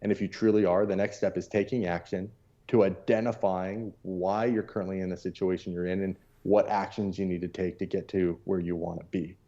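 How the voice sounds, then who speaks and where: Podcast guest: deep, mellow-voiced man, earnest and repetitive, on muffled lo-fi sound. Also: flat delivery, a little fast. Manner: earnest, storytelling, repeats key points. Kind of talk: casual motivational talk.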